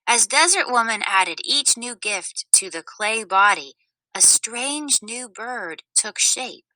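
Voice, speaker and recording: A woman reading a children's story aloud in a clear, expressive way. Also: a little high, takes it slowly, no echo, low-quality recording. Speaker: storybook narrator.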